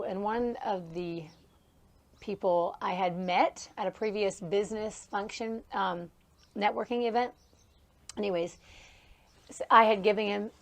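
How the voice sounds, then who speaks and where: A woman in her thirties hosting a casual podcast, telling rambling stories with frequent laughter, recorded outdoors on a farm. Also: mid-range voice. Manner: chatty, laughs often, rambling asides. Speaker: podcast host. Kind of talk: casual solo podcast storytelling. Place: outdoors near a horse trailer on a farm.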